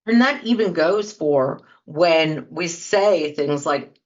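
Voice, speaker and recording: In a muffled recording, a podcast host speaks slowly and expressively in a low voice, addressing her listeners casually and acting out sample apologies as she goes.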